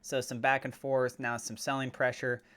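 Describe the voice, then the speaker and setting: A man hosting his own cryptocurrency channel, chatting casually and getting excitable as he watches prices move. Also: medium pitch, normal speed, clean tone. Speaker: crypto YouTuber. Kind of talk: casual commentary to camera.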